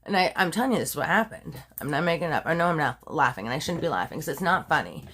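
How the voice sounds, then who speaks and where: A woman's voice: deep voice, lively intonation, fast talker, fairly bright tone, slightly rough. A woman tells a true crime story in a loose, conversational way, stacking fillers and side comments. She leans into the drama of her own telling and chuckles at it. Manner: chatty, full of fillers and asides.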